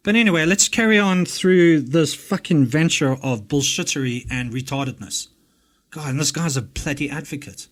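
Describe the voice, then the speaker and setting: A man with an English-speaking South African accent tears into a recording with a fairly high voice. His commentary is angry and mocking, full of profanity. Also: moderate pace. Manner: angry, swearing, mocking rants. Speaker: host reacting to a recording.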